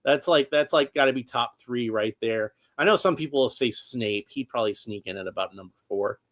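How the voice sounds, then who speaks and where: A man's voice: medium pitch, fairly quick, fairly bright tone. Rambly guy chatting on his toy stream, keeps restarting sentences, laid back. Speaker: toy collector host. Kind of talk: casual live-stream chat.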